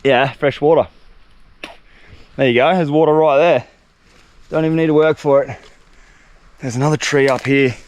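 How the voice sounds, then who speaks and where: A young man, chatting excitedly and slangily to the camera while exploring a tropical jungle outdoors. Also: on the high side, moderate pace, long pauses, slight background noise. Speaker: survival vlogger. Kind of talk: solo outdoor vlog narration.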